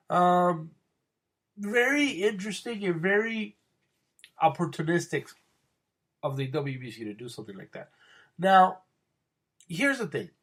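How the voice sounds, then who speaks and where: A man's voice: a little high, a bit bright. A man hosting a boxing podcast, talking in a rambling, profane, casual monologue with many restarts. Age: adult with wife.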